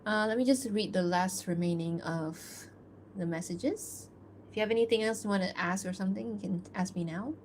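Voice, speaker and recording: Give me a casual, mid-pitched woman chatting on an art stream over faint background ambience, loose and rambling. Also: brisk, darkish tone, a little hiss or hum. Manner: chatty and loose, full of "like" and small laughs; reads fan-fiction narration aloud. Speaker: artist streaming her work. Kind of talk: casual livestream chat.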